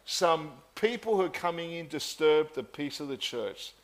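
A man preaching a sermon in an earnest, measured way, often repeating phrases for emphasis. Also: fairly high pitch, lively intonation.

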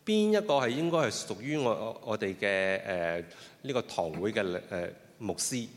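A man interpreting a sermon phrase by phrase, often pausing with fillers and restarting his sentences. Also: lowish voice, animated. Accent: Cantonese. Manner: hesitant, with frequent fillers and restarts. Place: church hall. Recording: long reverb of a hall.

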